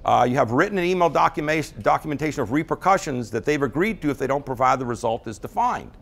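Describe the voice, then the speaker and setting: A man's voice: medium pitch, lively intonation, fast talker, creaky, fairly bright tone. A man giving a talk to a live group, telling stories and acting out the people he quotes. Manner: storytelling, acts out quoted people in changing voices. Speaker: speaker teaching about relationships.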